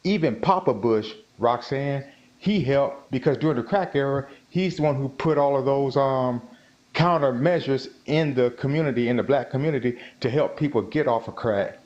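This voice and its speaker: A man's voice: medium pitch, moderate pace, darkish tone, lo-fi sound. A man calling in to a discussion, arguing his point emphatically and repeating himself as he presses on. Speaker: caller. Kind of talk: heated political argument.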